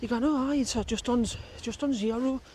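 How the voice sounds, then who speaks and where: A woman's voice: a little high, fairly quick, mellow, a little hiss or hum. Chatty Geordie woman in an echoey bunker. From North East England. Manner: chatty, self-mocking, rambling. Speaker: outdoor vlogger. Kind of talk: casual chat to camera. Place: outdoors and in a concrete bunker on a windy hill.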